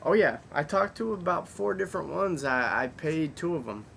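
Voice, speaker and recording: A man hosting a casual podcast chat, telling stories in a blunt, profane, animated way. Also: moderate pace, gravelly. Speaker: podcast host. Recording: faint rumble and background noise.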